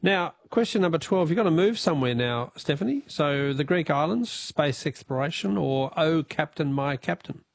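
A man running a radio quiz and reading out messages, jokey and upbeat. His voice is fairly high and swoops a lot, with a husky grain to it. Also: lively intonation, moderate pace, few pauses. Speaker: radio host.

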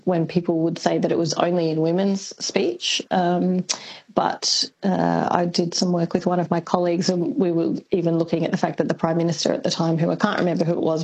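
A woman, a linguist, answering questions on a radio interview in a thoughtful, hesitant way with frequent pauses. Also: lowish voice, vocal fry, darkish tone, slightly rough, rough recording. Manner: thoughtful, hesitant with many ums. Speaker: linguist guest.

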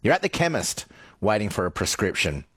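Man, radio presenter, husky, animated pitch. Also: brisk, dry recording.

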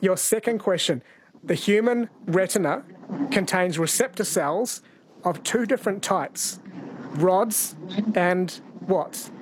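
Playful radio host. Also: male voice, high-pitched, a little hiss or hum. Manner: playful, reads quiz questions slowly. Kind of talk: casual radio quiz chat.

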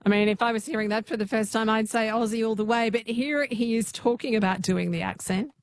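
A woman hosting a radio interview, lively and conversational as she introduces clips and asks questions. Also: a little high, fairly quick, no echo. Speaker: radio host.

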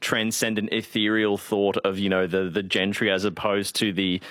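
A man's voice: on the low side, little pitch movement, moderate pace, fairly bright tone, no echo. A man co-hosting a radio show, chatting casually and rambling while he searches for words. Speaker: radio co-host. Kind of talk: casual banter.

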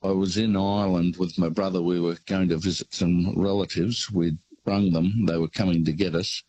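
A man's voice: sits low, fairly even intonation, moderate pace, a little mellow, low-quality recording. A man with an Australian accent phoning in to a radio show, telling a rambling travel anecdote with plenty of hesitations. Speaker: caller. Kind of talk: casual phone-in chat.

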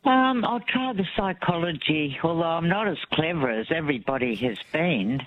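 A woman's voice: low-pitched, animated, moderate pace. A woman calling in to a radio quiz, chatty and modest. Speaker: caller. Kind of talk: call-in radio chat. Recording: phone line.

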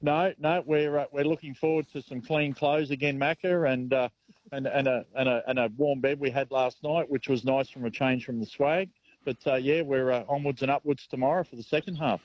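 A man's voice: medium pitch, fairly even intonation, fairly quick, no room sound, lo-fi sound. A man with an Australian accent calling in to a radio show, speaking hesitantly with many fillers. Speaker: caller reporting from a charity car rally. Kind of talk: casual phone-in chat.

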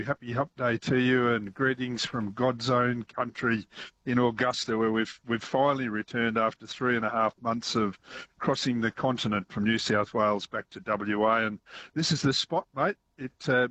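A man's voice: mid-range voice, steady tone, normal speed, a bit bright, poor audio. Australian man, regular radio guest, folksy and upbeat. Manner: cheerful, folksy, repeats words. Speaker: music segment regular. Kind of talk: casual radio chat.

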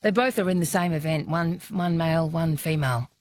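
A woman's voice: low-pitched, brisk, darkish tone, no echo. A woman hosting a radio quiz, teasing and laughing easily with a caller. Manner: playful, teasing, laughs often. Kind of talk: casual radio chat.

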